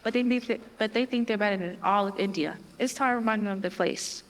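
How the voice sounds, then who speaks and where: An actress playing a defiant, headstrong young daughter. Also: female voice, mid-range voice, fast talker, close to an everyday voice. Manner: defiant, pleading. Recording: hall reverb.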